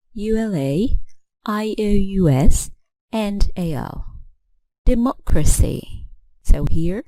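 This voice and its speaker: A woman's voice: medium pitch, dark tone, no room sound, poor audio. A woman narrating a scripted English lesson, spelling out suffixes letter by letter and reading example words one at a time. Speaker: English teacher.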